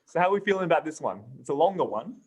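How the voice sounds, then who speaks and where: A man's voice: fairly high pitch, very animated, rapid-fire, husky. A man hosting a podcast, casual and upbeat, laughing often as he leads the conversation. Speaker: podcast host.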